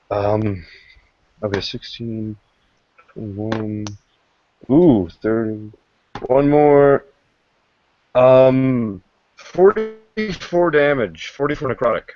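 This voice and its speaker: A man's voice: medium pitch, a little mellow. A man playing a tabletop game, hesitant and full of fillers as he counts dice aloud. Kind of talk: casual game chat. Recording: muffled lo-fi recording with clicking.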